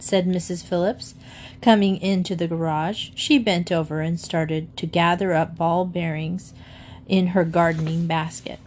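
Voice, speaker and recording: A woman with a fairly low voice narrating a children's chapter book aloud. Her delivery is measured and even, pausing between phrases. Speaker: reader. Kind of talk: storybook read-aloud narration.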